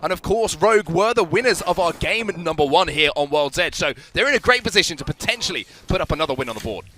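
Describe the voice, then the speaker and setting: Bright, high-pitched British caster. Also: male voice, fast, slight background noise. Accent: British or Australian English. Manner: energetic, rising on big plays. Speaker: esports caster. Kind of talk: play-by-play commentary.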